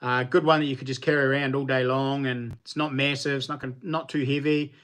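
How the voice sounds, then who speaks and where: Speaking briskly with a clear, resonant tone, a laid-back New Zealand knife maker answers livestream viewers casually. His pitch is middling and his delivery relaxed, with lots of filler words.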